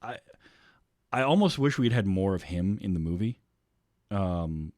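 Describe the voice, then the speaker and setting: A man hosting a podcast, chatting casually about a film with lots of ums and quick acted-out lines. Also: low-pitched, expressive, a little mellow, dry recording, studio quality. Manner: rambling, fills with ums, acts out scenes. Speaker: podcast host. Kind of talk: casual movie chat.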